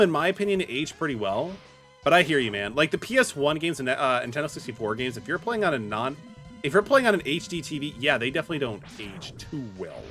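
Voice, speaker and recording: Lively chatty man streaming a game. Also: on the high side. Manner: chatty, talks to chat viewers by name while playing; loose filler-heavy talk with many restarts. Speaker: streamer playing a game live. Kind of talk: casual livestream chat. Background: faint game music.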